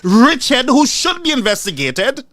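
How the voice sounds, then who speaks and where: A man delivers heated political commentary, angry and full of rhetorical questions. His voice sits high and swoops widely as he rants. The sound is dry and close, with almost no room echo. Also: big pitch swings, a little slow, fairly bright tone.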